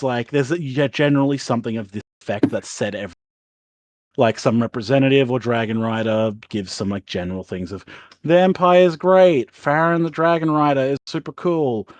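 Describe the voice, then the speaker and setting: A man's voice: medium pitch, a little mellow, no echo. A man narrating as game master of a tabletop role-playing game, rambling with lots of fillers and laughing often.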